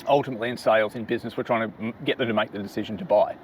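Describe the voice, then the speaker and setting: A man's voice: fairly low pitch, fairly even intonation, rapid-fire, slight background noise. A middle-aged man casually giving business advice to his daughter, explaining step by step and often asking "right?" to check she follows.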